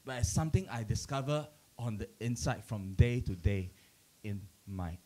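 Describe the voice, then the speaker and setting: Fairly low-pitched and moving at a moderate pace, a middle-aged pastor gives a conversational teaching at church. He tells stories with energy, chuckles along the way, and restarts his sentences a lot.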